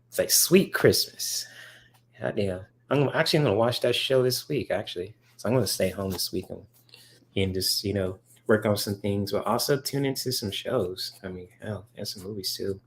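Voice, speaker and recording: The speaker is a man whose voice sits on the low side, moving at a moderate pace. He hosts a casual livestream where he answers chat questions from viewers, rambling excitedly about comics with many fillers.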